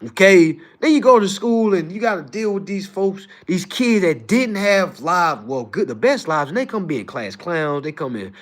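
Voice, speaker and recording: A young man hosting a livestream, ranting casually to his audience in slangy, profane talk, swinging from loud outbursts to low asides. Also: big pitch swings, normal speed, hardly any pauses. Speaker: livestream host.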